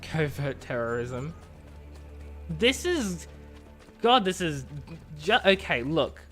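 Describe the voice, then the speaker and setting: A man's voice: a little high, sing-song, slow pace, a bit bright, soft background music. A man streaming a video game, giving sarcastic, rambling live commentary.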